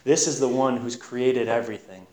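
A man's voice: mid-range voice, normal speed, warm tone. A man giving an informal Bible teaching in an earnest, conversational way, pressing hard on key points. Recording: roomy echo.

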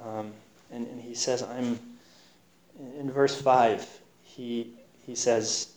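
A man's voice: medium pitch, level tone, slow, a little mellow. A man giving an informal Bible teaching in an earnest, conversational way, pressing hard on key points. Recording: roomy echo.

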